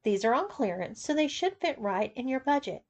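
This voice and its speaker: A woman's voice: high voice, big pitch swings, normal speed, pitched above the performer's own voice, full character voice. A woman voicing a stern, mean saleswoman in a shoe store who snaps and sneers at her customer. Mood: scornful. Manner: snapping, scornful.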